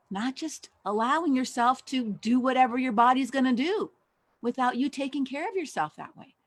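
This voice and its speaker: An older woman with a somewhat high voice, teaching in a conversational way. She keeps asking her listeners rhetorical questions, and the sound is close and dry. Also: a bit bright, no echo. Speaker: Christian counselor and coach. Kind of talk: teaching talk to an audience.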